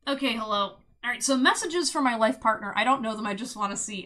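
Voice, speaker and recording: Bright, giggly young woman reading tarot. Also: a little high, lively intonation, moderate pace. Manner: bubbly, giggly, exclaims loudly, many "like"s. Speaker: tarot reader streamer. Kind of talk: casual live-stream tarot reading.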